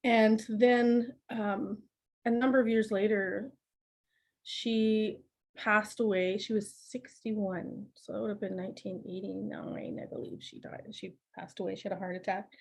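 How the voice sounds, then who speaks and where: A middle-aged woman, a podcast guest telling family stories in a lively, laughing, conversational way. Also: mid-range voice, a little slow, gravelly. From Canada. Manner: laughs often, animated anecdotes with acted quotes. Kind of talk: conversational storytelling.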